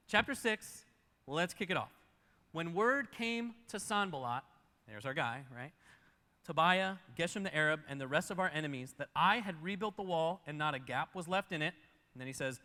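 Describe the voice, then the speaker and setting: A high-voiced, bright and energetic man preaches to a congregation, racing through the story with lively asides and playful character voices. His voice rings out with a long reverb, as if heard across a large church hall. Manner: fast, animated storytelling, acting out characters. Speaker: pastor. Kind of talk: sermon. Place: church auditorium.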